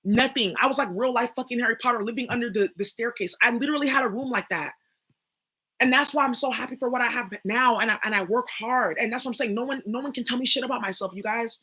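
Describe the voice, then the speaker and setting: Profane, bright-voiced young woman ranting. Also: on the high side, fast talker, slightly rough. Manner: blunt, profane and emphatic, addresses viewers directly. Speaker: spiritual reader and channel host. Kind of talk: casual spoken monologue.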